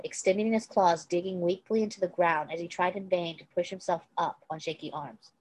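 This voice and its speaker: A woman with a lowish voice reads fan fiction aloud in a casual, unpolished way. She trips over words and restarts as she goes. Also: fairly even intonation, fairly quick, few pauses, darkish tone, rough recording. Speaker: reader.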